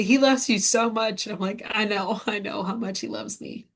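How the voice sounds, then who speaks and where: A woman in her thirties from the United States telling a hard personal story as an interview guest, candid and halting, with many fillers. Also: mid-range voice, lively intonation, gravelly, a bit bright, a little hiss or hum. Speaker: guest medium.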